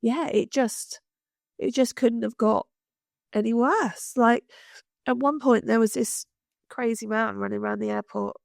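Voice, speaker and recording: A woman co-hosting a podcast, telling a story in animated casual chat, swearing freely and acting out the people she quotes. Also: a little high, unhurried, vocal fry, dry recording, studio quality. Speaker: podcast co-host.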